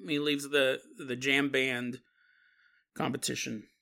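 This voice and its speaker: A man's voice: medium pitch, level tone, takes it slowly, gravelly, bright, forceful tone. A man hosting a podcast, telling a story in a casual, conversational way with lots of fillers. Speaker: podcast host.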